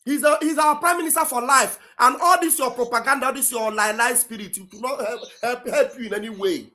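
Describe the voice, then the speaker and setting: A man's voice: very high-pitched, brisk, sharp tone. A man with a Nigerian accent, a pastor hosting a live online talk show, ranting angrily and hurling curses at critics.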